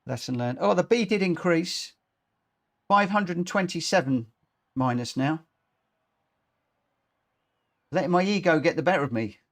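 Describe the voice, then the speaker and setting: A man's voice: fairly high pitch, animated, moderate pace. A man live-streaming a racing game, chatting casually and poking fun at his own mistakes. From United Kingdom. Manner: self-deprecating, chatty, talks to himself while racing. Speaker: gaming streamer. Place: home gaming setup, indoors.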